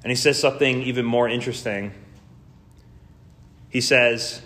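Man, pastor, sermon, conversational, slangy asides, middle pitch. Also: steady tone, normal speed, pauses often, bright, forceful tone.

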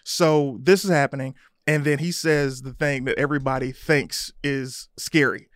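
Animated, dry-miked man telling a story. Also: mid-range voice, normal speed, no echo. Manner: animated storyteller, acts out both sides of arguments, laughs as he talks. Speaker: podcast co-host. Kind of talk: casual storytelling chat.

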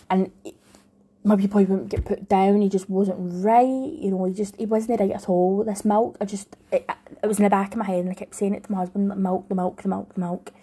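Young Scottish mum for a vlog: mellow, slightly breathy voice, candid and rambling, often restarts her sentences. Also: medium pitch. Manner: rambling, heartfelt, frequent restarts. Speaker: vlogger, new mum. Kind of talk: candid personal storytelling.

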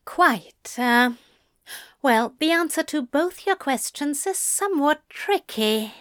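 A woman's voice: high voice, lively intonation, a bit bright, no room sound, pitched above the performer's own voice, exaggerated voice. A woman doing a dry, plummy male angel. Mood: apologetic. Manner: polite, sighing, measured. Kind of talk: reading a story aloud.

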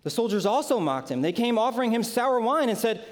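A man preaching a sermon as pastor. He tells the scripture vividly and shares personal stories, with dramatic, deliberate phrasing. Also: very high voice, very animated.

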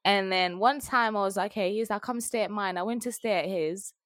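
A young woman, telling a story in a frank, animated way while chatting as a podcast co-host. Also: mid-range voice, a little fast, dry recording, studio quality. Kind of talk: casual chat.

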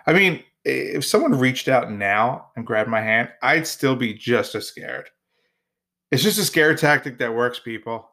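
A man's voice: medium pitch, a bit bright. A man hosting his own podcast, talking alone in a jokey, rambling way with playful asides. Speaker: podcast host. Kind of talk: casual solo podcast monologue.

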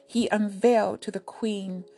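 A woman narrating a folk tale in a soft, deliberate storytelling manner. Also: mid-range voice, steady tone, creaky, soft background music.

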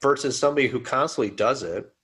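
A man's voice: mid-range voice, fast, a bit bright, breathy edge. A man co-hosting a podcast, talking reflectively and building his points in long, piled-up lists. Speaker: podcast co-host. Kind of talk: casual chat.

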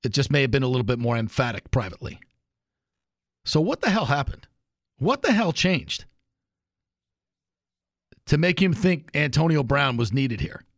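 A man's voice: medium pitch, big pitch swings, moderate pace, pauses often, no room sound. A man hosting a sports talk radio show, delivering an opinionated, emphatic monologue.

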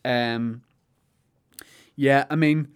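A man's voice: medium pitch, steady tone, drawn-out words, smooth. Young northern irish guy on a podcast, rambly jokey stories, dry asides. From Northern Ireland. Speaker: podcast co-host. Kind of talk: casual podcast chat.

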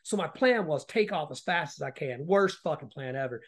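A man with a notably high-pitched speaking voice tells long, rambling stories as a podcast guest. He swears constantly, restarts his sentences and keeps checking in with the listener with a quick "right?". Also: animated. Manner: heavy swearing, frequent "right?" tag questions. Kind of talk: casual storytelling.

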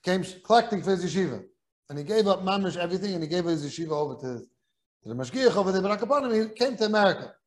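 Giving a Talmud class in a kollel study hall, a rabbi animatedly recounts a story and repeats words in his excitement. He speaks very fast in a high-pitched voice.

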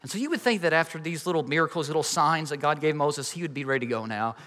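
A man's voice: on the high side, fast talker, bright, forceful tone. A man in his thirties preaching a sermon with emphasis, acting out the voices in the stories he tells. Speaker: pastor. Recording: reverberant hall.

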